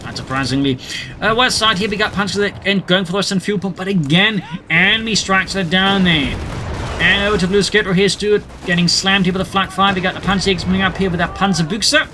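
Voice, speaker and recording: A man giving brisk play-by-play commentary on a video game match, with dry jokey asides. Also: high voice, background noise.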